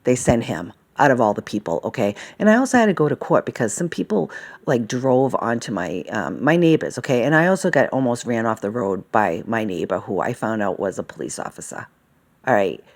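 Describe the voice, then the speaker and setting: A woman's voice: extremely low pitch, big pitch swings, fairly quick. A woman rambling agitatedly in a casual monologue, swearing often and checking in with "okay?" and "all right?". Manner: fillers and self-interruptions, asks "okay?" and "all right?". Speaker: vlogger.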